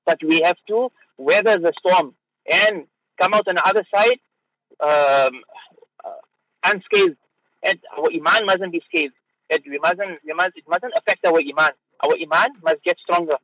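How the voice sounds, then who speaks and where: A man, a mufti, giving an unscripted religious talk on the radio, halting with fillers and repeated words. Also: high voice, expressive, bright, forceful tone, dry recording, muffled recording.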